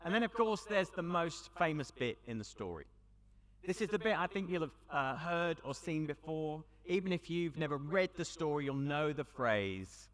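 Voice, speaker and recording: British man, youth speaker, storytelling sermon, animated pitch, long hall reverb. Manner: storytelling, conversational, dramatic pauses. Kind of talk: preaching talk to young audience. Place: large hall with audience.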